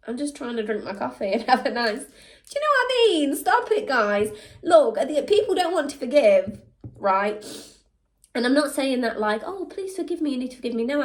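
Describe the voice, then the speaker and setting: A woman talking candidly to camera, animated, slipping into mock voices and laughing at herself. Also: a little high. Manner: animated, switches into mock voices when quoting people; laughs at herself mid-sentence. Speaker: vlog host.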